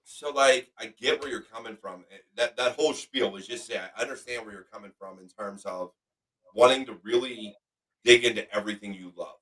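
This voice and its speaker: A man's voice: fairly low pitch, a little fast, fairly bright tone, recorded from a distance, rough recording. A man hosting a podcast in casual chat, talking emphatically and motivationally and swearing freely. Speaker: podcast host.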